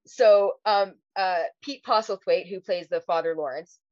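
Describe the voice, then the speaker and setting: A woman's voice: lowish voice, a little slow, a little mellow, no echo, dull audio. A woman co-hosting a podcast in casual chat, swearing freely and laughing often. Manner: swears a lot, laughs often, breaks into silly voices. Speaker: podcast co-host.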